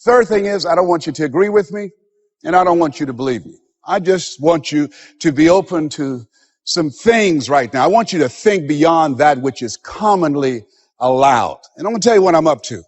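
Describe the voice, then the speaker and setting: Emphatic male motivational speaker, lively pitch. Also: normal speed, in a large hall, lo-fi sound. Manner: emphatic, preacher-like delivery that acts out quoted voices. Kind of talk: motivational seminar speech.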